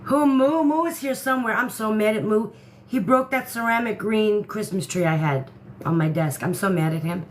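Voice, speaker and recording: A woman hosts a casual livestream from a room in her home, greeting viewers by name and chatting while reading their comments. Her voice is medium-pitched at a normal pace, with slight background noise.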